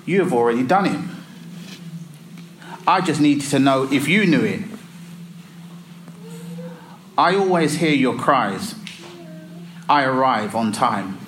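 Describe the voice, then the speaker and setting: A man voicing God as a calm, patient divine presence, speaking slowly and gently. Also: medium pitch, a little hiss or hum. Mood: reassuring. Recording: echoey room, faint ambience.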